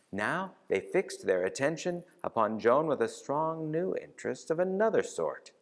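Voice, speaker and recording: Expressive man reading aloud in church. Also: lowish voice. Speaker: parish reader leading a novena. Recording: reverberant church hall.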